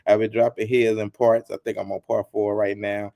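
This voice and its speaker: A man's voice: lowish voice, little pitch movement, fairly quick, vocal fry, warm tone. A man hosting his channel, retelling a story with teasing jokes, repeating lines and acting out quotes. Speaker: channel host. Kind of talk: animated storytelling commentary.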